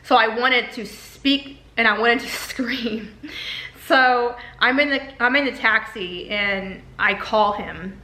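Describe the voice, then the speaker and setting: A woman's voice: a little high, slow pace, pushed and bright. A woman candidly telling a personal story in a vlog, emotional and repeating herself as she talks. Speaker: vlogger. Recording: echoey room.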